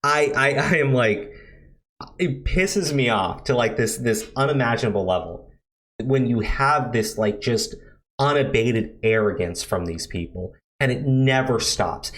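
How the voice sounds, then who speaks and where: A man's voice: mid-range voice, fairly bright tone. A man tears into his subject in a heated commentary rant. His voice swings widely up and down, and his talk is profane and full of stammered restarts. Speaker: video commentator.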